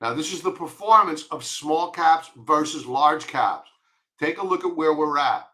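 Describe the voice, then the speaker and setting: A man's voice: on the high side, sharp tone. A man with a Long Island accent giving blunt, emphatic stock chart commentary, repeating his warnings. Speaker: market commentator.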